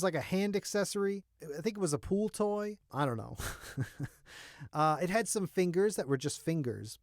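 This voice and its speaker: A man with a hoarse, strained voice giving a casual, joking toy review to his viewers. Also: on the high side, darkish tone, no echo, clean studio sound. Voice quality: enthusiastic, jokey, talks to the viewer. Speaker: toy collector vlogger.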